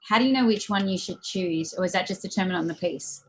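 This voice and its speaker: A woman student asking a halting question about music theory. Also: medium pitch, poor audio.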